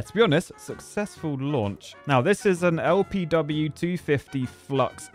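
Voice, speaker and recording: A young man giving casual, jokey, self-mocking commentary while playing a game. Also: mid-range voice. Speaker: gaming YouTuber.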